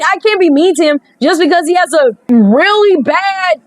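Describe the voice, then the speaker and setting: A young woman plays a dating game and comments in a chatty, sassy way, reacting aloud to every choice. Her voice sits high and swoops widely up and down. The mic is close and dry. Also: expressive, normal speed, dry recording, poor audio. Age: young adult. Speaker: gaming streamer. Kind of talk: casual gameplay commentary.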